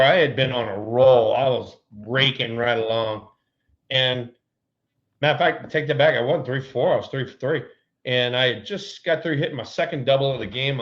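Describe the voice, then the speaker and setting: A middle-aged man co-hosting a podcast, telling stories in a laid-back, drawn-out way and often repeating words. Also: medium pitch, muffled recording. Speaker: podcast co-host, former ballplayer. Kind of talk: casual storytelling chat.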